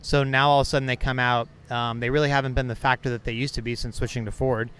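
A man's voice: medium pitch, flat delivery, fast, fairly bright tone, clear, resonant tone. A man reporting on motorsport, interviewing with a dry, teasing, mock-serious manner in a casual podcast chat. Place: outdoors at a racetrack.

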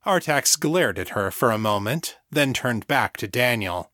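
A man narrates a fantasy serial in a steady, even reading voice. His pitch sits in the middle range. The recording is close and dry, with no room sound. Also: measured pace, no room sound. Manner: steady, even storytelling read. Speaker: audiobook narrator. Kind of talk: scripted narration.

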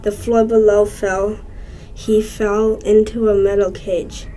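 A woman reading a short story aloud in a slow, even way. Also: medium pitch, a little hiss or hum, poor audio. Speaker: story reader.

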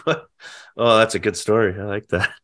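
Lower-voiced host reacting with laughs. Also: male voice, moderate pace, a bit bright. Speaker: podcast host. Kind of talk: casual chat.

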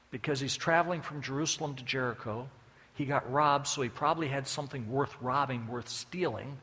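A man's voice: a little high, pushed and bright. A man preaching a sermon as a folksy, joking storyteller, with long hall reverb behind him.

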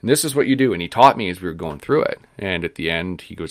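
A man's voice: low-pitched, expressive, quick pace, hardly any pauses, no echo, clean studio sound. A man, co-hosting a podcast interview, telling a story and acting out the voices of the people in it. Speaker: podcast co-host.

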